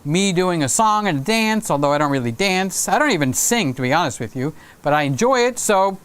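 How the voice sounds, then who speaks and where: A man's voice: high-pitched, animated, fairly quick, hardly any pauses, a bit bright, a little hiss or hum. A man hosting his own livestream, chatting casually and rambling through anecdotes while laughing at his own stories. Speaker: livestream host.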